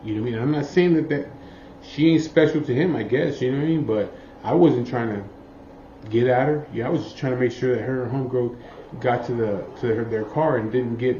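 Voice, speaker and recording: A man tells a long story in a loose, profane ramble, tossing in filler checks with his listener. His voice is dark and mellow. The recording is muffled and roomy, with a faint hiss behind him. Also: mid-range voice, fast. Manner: rambling, profane, keeps saying "you know what I mean". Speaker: biker telling a story. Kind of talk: casual storytelling.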